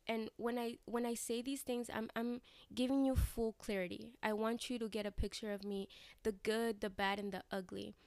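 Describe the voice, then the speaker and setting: A woman's voice: fairly high pitch, dry recording. A young adult woman talking candidly in a personal vlog, rambling with fillers and restarts and swearing casually. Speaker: vlogger.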